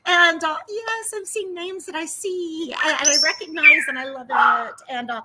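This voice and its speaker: A woman with a high, bright voice hosts a casual livestream. She talks in a chatty, rambling way and greets each viewer by name. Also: unhurried, a little hiss or hum, low-quality recording. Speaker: livestream host.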